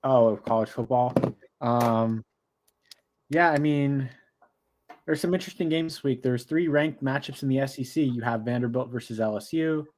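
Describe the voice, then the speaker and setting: A man's voice: mid-range voice, normal speed, darkish tone. A man co-hosting a casual sports podcast, joking around and rambling with fillers. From United States.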